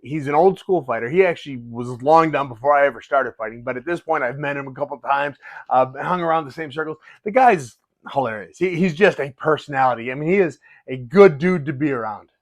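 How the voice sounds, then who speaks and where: A middle-aged man and fighter talking excitedly in a casual vlog, often restarting his sentences. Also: medium pitch, a little fast, dry recording. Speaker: fighter and vlogger.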